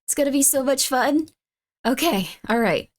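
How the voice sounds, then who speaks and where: Woman streamer rambling to chat, voice jumps up high a lot, kinda higher voice overall. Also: animated, normal speed. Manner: rambling, reacts to chat with sudden high squeals; swings widely in pitch. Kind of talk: casual live-stream chat.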